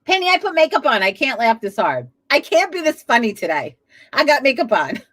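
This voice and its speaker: A woman's voice: sits high, very animated, a little fast, a bit bright. A woman hosting a casual live stream from home, chatty, laughing often and swearing freely. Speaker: livestream host. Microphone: webcam setup at a desk.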